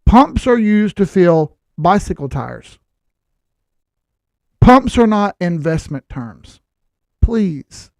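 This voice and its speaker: A man hosts casual crypto chart commentary, talking in a blunt, lecturing way with sarcastic asides. His voice sits high and a little mellow, recorded dry with clean studio sound.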